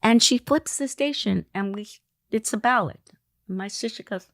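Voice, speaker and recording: A woman telling an anecdote in an interview, animated, acting out the lines she quotes. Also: fairly high pitch, moderate pace, gravelly, no room sound, clean studio sound. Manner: animated storyteller who acts out quoted lines. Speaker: interview guest.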